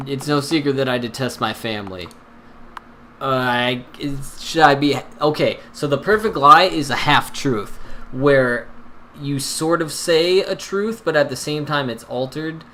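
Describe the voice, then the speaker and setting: A young man commenting on a video game as he plays, excitable, nervous and self-deprecating. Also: mid-range voice, a little hiss or hum. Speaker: gameplay commentator. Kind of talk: let's-play commentary.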